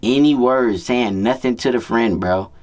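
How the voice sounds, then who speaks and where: A man telling a story to his viewers in loose street slang, swearing freely and circling back over the same phrases. He talks as a dating coach in a casual monologue. His voice sits at an ordinary middle pitch for a man. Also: unhurried, darkish tone. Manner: slangy, profane, repetitive street talk.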